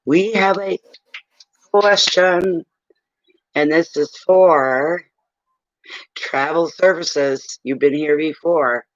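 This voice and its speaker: A man's voice: a little high, drawn-out words, long pauses, fairly bright tone, no echo. Blunt man reading tarot, dull lo-fi sound. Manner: blunt, salty storyteller. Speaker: tarot reader. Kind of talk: casual livestream chat and readings.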